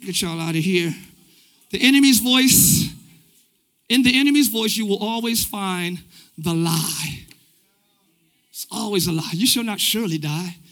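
High, bright-voiced male preacher. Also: a little slow, pauses often. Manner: energetic, conversational preaching with slang. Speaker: pastor. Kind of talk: live church sermon. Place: church sanctuary.

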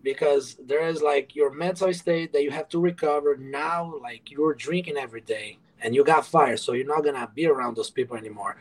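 A man's voice: fairly high pitch, fairly quick, hardly any pauses, low-quality recording. Frank, profane male podcast guest. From moved to the USA from abroad. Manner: frank and profane, acts out past dialogue. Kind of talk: candid interview storytelling.

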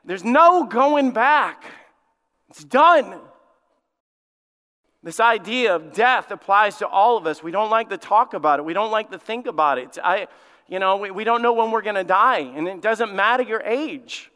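A male lead pastor preaching a sermon, emphatic, with dramatic pauses and repetition. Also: high voice, pushed and bright, clear, resonant tone, in a large hall. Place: church sanctuary.

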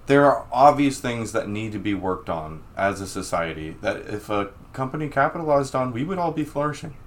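A man's voice: medium pitch, big pitch swings, a little fast. A man co-hosting a casual chat. He muses in a laid-back way, laughs often and swears.

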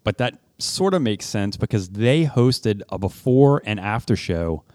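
A man's voice: lowish voice, lively intonation, a little slow, a little mellow, no echo, clean studio sound. A man co-hosting a podcast, talking casually and hesitantly, often trailing off while he searches for words. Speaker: podcast co-host. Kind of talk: casual chat.

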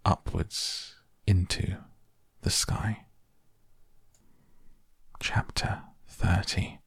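A man reading a children's novel aloud as an audiobook narrator, calm and measured. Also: deep voice, vocal fry, slightly rough, no room sound, studio quality.

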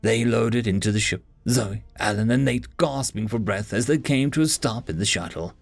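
Gravelly man reading a story aloud. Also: mid-range voice, normal speed, no echo, faint music behind. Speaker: narrator. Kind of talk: audiobook narration.

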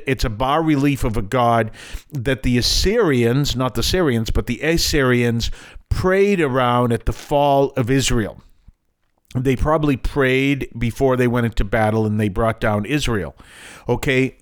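An older man hosts a Catholic program and talks through scripture earnestly. He explains as he goes and keeps stepping aside to add remarks. His voice sits at an ordinary middle pitch. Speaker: radio program host.

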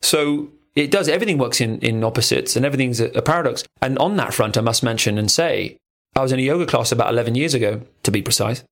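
Playful, animated podcast co-host man. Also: mid-range voice, fast. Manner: animated storyteller, playful and crude. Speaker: podcast co-host and relationship coach. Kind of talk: casual podcast chat. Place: recording studio.

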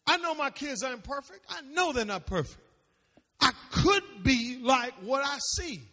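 A man with a strikingly high voice preaches to his congregation, firing off questions and waiting for the crowd to finish his lines. His voice swells into shouts at times, and each phrase rings out in the long echo of a big church hall. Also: sing-song, a little slow. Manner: preachy call-and-response, rising to shouts. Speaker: pastor. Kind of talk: sermon. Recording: long reverb of a large hall.

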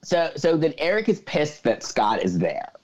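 On a podcast he co-hosts, a man with a fairly high, very animated voice walks through a movie's plot at length in casual chat, linking scene after scene with "so then." He talks at a moderate pace, his tone a little mellow, and the audio sounds dull.

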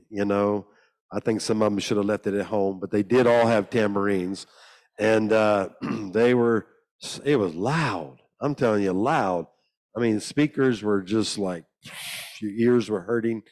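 A man preaching a sermon as a storyteller, joking and acting out the people in his tales. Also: a little mellow. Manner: humorous, acts out the people he quotes in higher voices. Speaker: guest preacher. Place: church hall.

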